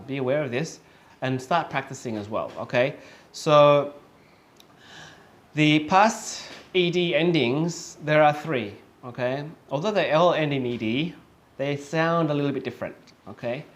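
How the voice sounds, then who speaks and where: A man teaching English, speaking slowly and patiently, repeating example words several times and checking in with "okay?" often. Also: mid-range voice. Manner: slow and patient, with many fillers and checks of "okay?". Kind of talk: online lesson.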